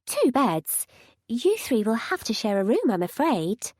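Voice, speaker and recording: A woman's voice: on the high side, very animated, measured pace, darkish tone, no echo, studio quality, voice pushed up. A woman voicing a practical innkeeper in an audiobook, matter-of-fact and a little apologetic. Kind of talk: audiobook character reading.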